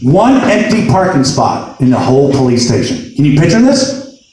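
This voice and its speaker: A man doing stand-up, telling profane true-life stories in an animated way and rising to shouted punchlines. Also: medium pitch, normal speed. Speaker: stand-up comedian. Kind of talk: stand-up storytelling. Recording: echoey room, mic from far off.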